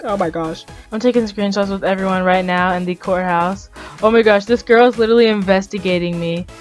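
A woman YouTuber talks through her game session in a chatty, excitable ramble, often breaking into laughs. Her voice sits at an average pitch for a woman. Soft music plays faintly underneath. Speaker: gaming YouTuber. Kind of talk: casual game commentary.

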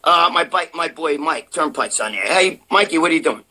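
An older man co-hosting a live show from his sister's house, telling loud, profane stories in casual chat. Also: on the high side, normal speed. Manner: loud, profane, animated storyteller. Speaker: co-host of a bodybuilding live show.

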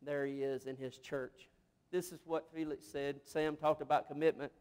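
High-voiced man preaching emotively. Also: flat delivery, moderate pace, darkish tone, smooth. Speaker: missionary pastor. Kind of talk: sermon. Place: church sanctuary.

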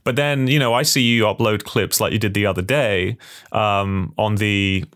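Low-voiced man hosting a podcast. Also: fairly even intonation, normal speed, fairly bright tone. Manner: thoughtful, restarts and repeats words often. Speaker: podcast host. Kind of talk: casual interview chat.

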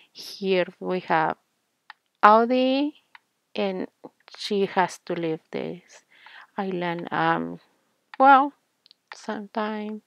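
Slow, soft-spoken woman narrating gameplay. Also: lowish voice, gravelly, dry recording, dull audio. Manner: soft-spoken, slow, with frequent fillers and small laughs. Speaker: gaming channel host. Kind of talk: casual gameplay commentary.

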